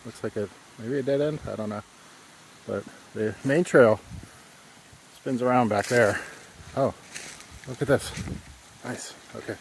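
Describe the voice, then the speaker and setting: Recorded on a camera outdoors, with noisy audio of running water and nature around him, an older man vlogs his hike along a wooded streamside trail. He speaks a little slowly in a mid-range voice, pausing often, breathless and thinking aloud through many fillers in casual narration.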